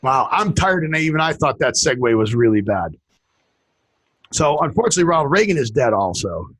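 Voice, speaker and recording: A man co-hosting a casual talk show, telling stories in a rambling, animated way. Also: mid-range voice, fairly quick, husky. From western United States. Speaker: podcast co-host. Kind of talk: casual chat.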